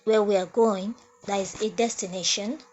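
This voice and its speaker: A woman teaching French grammar at a whiteboard, repeating each phrase slowly and explaining step by step. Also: mid-range voice, steady tone, a little mellow, slight background noise. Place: classroom at a whiteboard. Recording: dull lo-fi sound.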